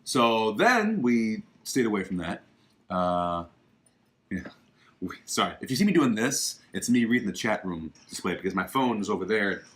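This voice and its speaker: A man talks loosely and at length from his living room, hosting a live show about movies. His voice sits on the low side, and he gets emphatic and opinionated when he pushes a point. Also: sing-song, normal speed, a bit bright. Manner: chatty and opinionated, emphatic asides. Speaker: podcast host. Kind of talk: casual livestream chat about films.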